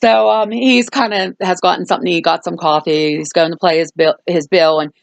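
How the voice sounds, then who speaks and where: A woman's voice: on the low side, steady tone, brisk, creaky, dry recording. A woman hosting a casual movie review, rambling through a plot recap with lots of fillers. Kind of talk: casual chat.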